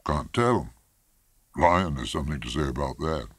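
A man's voice: very deep voice, animated, normal speed, breathy edge, dry recording, exaggerated voice. A man reading a story aloud, voicing a curt, confident professional hunting guide who talks in clipped phrases. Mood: brisk. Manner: clipped, terse.

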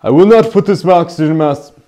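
A man's voice: on the high side, brisk, mellow. A man in a vlog blooper reel, talking in a playful, mock-dramatic way. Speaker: vlogger. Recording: music playing underneath.

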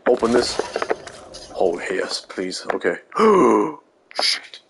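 A man giving live gameplay commentary, panicky, repeating short phrases over and over and dropping to a hushed mutter while he sneaks. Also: low-pitched, flat delivery, moderate pace, noisy background. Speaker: gamer playing a stealth game.

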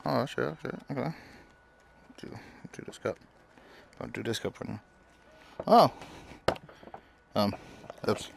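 A man's voice: mid-range voice, slow, creaky, pauses often, a little hiss or hum. A young man casually commentating a game, crude and mumbling, talking back to the characters. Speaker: gaming streamer. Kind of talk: casual let's-play commentary.

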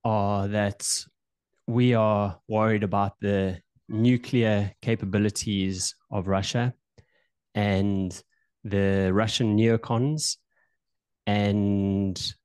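A man's voice: fairly low pitch, a little mellow, smooth, no echo. A male podcast host improvising a role-play as a politician in his own voice, loose and hesitant, repeating words. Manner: voicing a well-known politician in his own voice.

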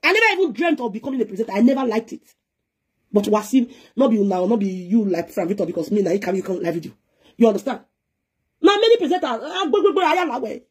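A woman with a Nigerian Pidgin accent talks fast, scolding and preaching on a live video. Her voice is husky, and she switches freely between pidgin and English. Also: on the high side, animated. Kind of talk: heated live-stream rant.

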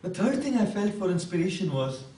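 A man's voice: high-pitched, very animated, brisk, mellow. A man giving an emphatic motivational talk to a live audience, repeating key words and asking the crowd questions. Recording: echoey hall, voice from a distance.

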